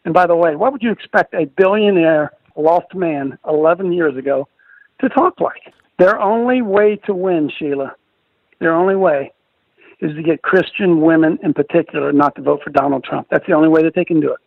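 Gravelly high-voiced older man preaching on radio. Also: normal speed, no room sound. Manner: emphatic, preachy, repeats phrases for stress. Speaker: radio host, ministry leader. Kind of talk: conservative Christian radio talk. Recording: dull dry radio studio sound.

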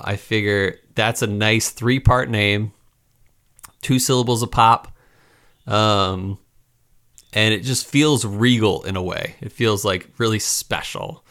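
A man's voice: on the low side, slow, fairly bright tone, clear, resonant tone. A man co-hosting a podcast in casual chat, easygoing and hesitant, with many ums. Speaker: podcast co-host.

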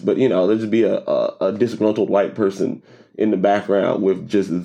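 A man co-hosting a casual podcast conversation, talking in a halting, rambling way with frequent restarts and dry jokes. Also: deep voice, steady tone, creaky, mellow, highs cut off. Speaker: podcast co-host.

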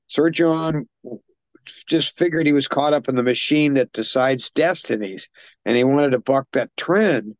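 Male podcast co-host, mid-pitched, chatty plot recap, loose and rambling, dry close mic. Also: dry recording. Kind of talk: casual film discussion.

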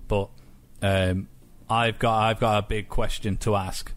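A man's voice: on the low side, flat delivery, measured pace, slight background noise. A man leading a casual podcast chat about a film, laughing often and teasing his co-host.

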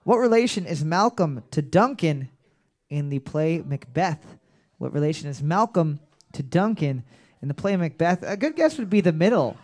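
Brash, high-voiced man hosting pub trivia. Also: big pitch swings, normal speed, a little mellow. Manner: brash, swearing, joking, bellowing calls. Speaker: trivia quizmaster. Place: bar.

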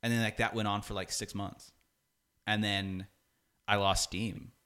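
A man's voice: lowish voice, a little slow. A young man, a music producer, talking as a guest in a casual conversation, full of "like" and acting out what people said. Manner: animated, fills speech with "like", acts out quoted dialogue.

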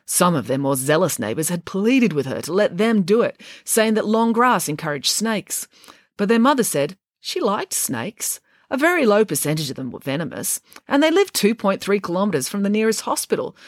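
A woman reading a children's story aloud with a wry, expressive delivery. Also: medium pitch, normal speed, no room sound, studio quality. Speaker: narrator.

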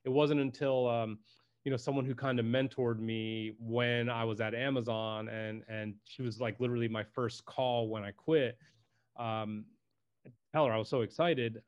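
A man's voice: medium pitch, moderate pace, clean tone, highs cut off. Laid-back man telling a story, swearing. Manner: laid-back, swears freely, says "dude" often; acts out quotes in lively voices. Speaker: podcast guest, personal branding videographer. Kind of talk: casual interview storytelling.

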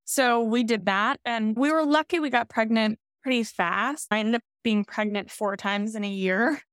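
A woman's voice: on the high side, normal speed, clear, resonant tone, no room sound, studio quality. Candid woman telling her birth story. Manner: candid, emotional, animated quoting of others. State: pregnant. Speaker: podcast guest. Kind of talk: emotional personal storytelling.

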